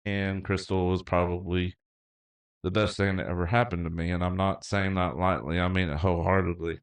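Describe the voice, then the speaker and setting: A man's voice: low voice, little pitch movement, normal speed, recorded from a distance. A middle-aged man hosting a podcast, telling a personal story in an earnest, heartfelt way, rambling with fillers. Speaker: podcast host. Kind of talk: casual storytelling.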